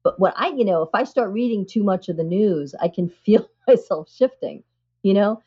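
A woman's voice: mid-range voice, animated, normal speed, slightly rough, dull audio. A woman psychiatrist, a guest on an interview show, explaining things earnestly and with animation, often saying "you know".

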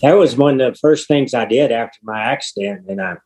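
A man in his sixties with a Texan accent, a podcast guest talking in an easygoing, halting way full of fillers and restarts. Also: mid-range voice, expressive, a little mellow, low-quality recording. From Texas. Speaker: guest, retired motorcycle racer. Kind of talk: casual interview chat.

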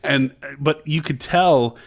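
A man's voice: on the high side, slow pace. A man hosting a comedy podcast, chatting loosely and jokingly from a script. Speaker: podcast host. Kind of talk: casual comedic chat.

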